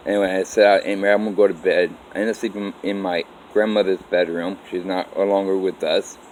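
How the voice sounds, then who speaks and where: A man with a fairly low voice tells his own life story in a loose, rambling way. He stops and restarts his sentences and acts out what people said with "I'm like." A faint hiss sits under his voice. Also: a little mellow, rough recording. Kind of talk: casual first-person life story.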